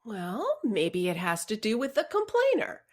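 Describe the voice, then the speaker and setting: Woman podcast host, casual storyteller with a lively, swinging pitch. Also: a little slow. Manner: storytelling, expressive, laughs often. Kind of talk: casual chat.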